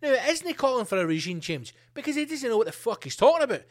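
A man hosting a podcast, ranting comedically with plenty of swearing and animated asides. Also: very high-pitched, fast. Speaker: podcast host. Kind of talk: comedic rant.

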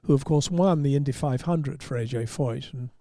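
Wry English storyteller with a mellow voice. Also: male voice, mid-range voice, normal speed, no room sound, studio quality. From England. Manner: wry, rambling storyteller with restarts. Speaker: motorsport journalist. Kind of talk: casual anecdote on a podcast.

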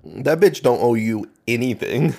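A podcast co-host who mostly chimes in with quick agreements and dry one-liners. The voice is unhurried, with a pitch that jumps around a lot. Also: expressive, gravelly, a little mellow, husky. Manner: short backchannel replies, dry quips. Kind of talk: casual chat.

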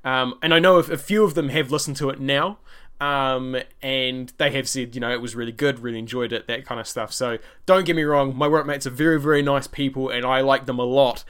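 A man's voice: mid-range voice, steady tone, brisk, fairly bright tone, clean tone. A young man hosting his own podcast, chatting casually and rambling with lots of fillers and restarts. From New Zealand. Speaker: podcast host. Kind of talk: casual solo podcast, answering listener questions.

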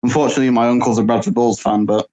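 Leeds-accented caller on a dull line. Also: male voice, mid-range voice, steady tone, racing, mellow. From Leeds, England. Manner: brief, friendly answers. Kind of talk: casual phone-in chat.

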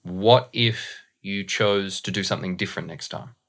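A man, a voice and dialect coach, speaking as a podcast guest in a measured, encouraging way. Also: low-pitched, a bit bright. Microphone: video call.

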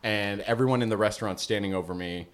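Speaking quickly in a fairly low pitch, this podcast co-host chats casually and tells stories. He animates them by acting out people's quotes.

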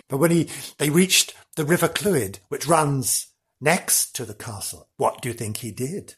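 Man hamming up a ghost story, husky voice, swoops all over the place. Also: mid-range voice, animated, unhurried, a bit bright. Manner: theatrical, hammy, repeats for effect. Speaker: podcast host and storyteller. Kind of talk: comic ghost-story telling.

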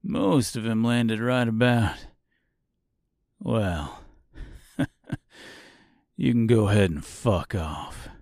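A man's voice: lowish voice, very slow, long pauses, darkish tone, no echo, studio quality. A man voicing a sly, bitter male tin man who mocks, swears and laughs to himself, in an audiobook reading. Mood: gleeful. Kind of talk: audiobook character voice.

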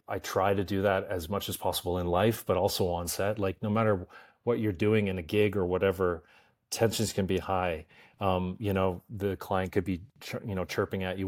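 Chatty low-voiced actor, self-deprecating. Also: male voice, a little mellow. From Canada. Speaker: guest actor. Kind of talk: casual interview chat.

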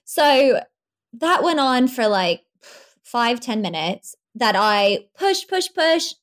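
Upbeat woman telling a lively story. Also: a little high, slow. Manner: animated, laughing often. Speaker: podcast guest. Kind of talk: telling her birth story.

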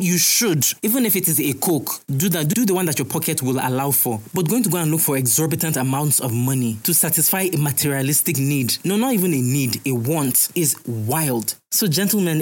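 A man with a Nigerian accent hosting a solo commentary podcast, talking in an emphatic, preachy way and repeating his points for stress. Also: a little high. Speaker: podcast host.

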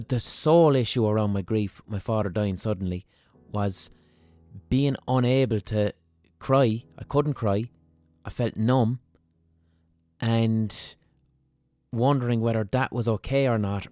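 A man's voice: medium pitch, a little mellow, dry recording. Male podcast host, candid rambling monologue, dry close sound, faint music underneath. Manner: frank, profane, rambling storyteller who restarts sentences.

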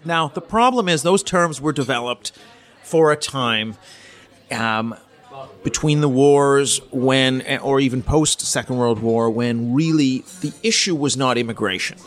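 Measured middle-aged man explaining carefully. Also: medium pitch. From Canada. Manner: measured, thinking aloud with fillers and restarts. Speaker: politics professor, interview guest. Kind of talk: explanatory interview answer.

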